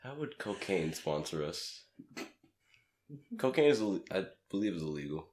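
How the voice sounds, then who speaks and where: A man slightly raspy from a cold, rambling through a casual podcast chat as co-host and laughing at his own jokes. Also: sits low, big pitch swings, normal speed, a little mellow. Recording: echoey room.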